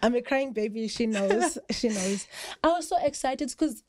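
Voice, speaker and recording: A South African woman, a rugby player guesting on a podcast, telling lively stories and often breaking into laughter. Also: on the high side, normal speed, crowd noise. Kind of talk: casual storytelling chat.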